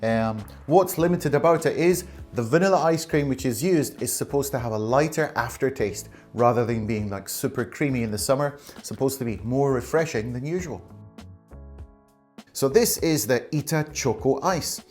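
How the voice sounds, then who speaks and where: A man's voice: mid-range voice, normal speed, a little mellow, faint music behind. A man with an everyday mid-range voice, talking through a snack taste test in a loose, enthusiastic way. He chuckles often and keeps the chat light and friendly. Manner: enthusiastic, chatty, laughs often. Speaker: food vlogger. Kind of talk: casual taste-test review.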